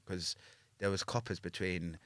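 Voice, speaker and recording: A man's voice: low-pitched, unhurried, a bit bright, no echo, clean studio sound. A man with a London accent, telling a story as a podcast guest in casual, profane chat, checking in with "yeah?" after each point. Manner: swears freely, ends lines with a questioning "yeah?".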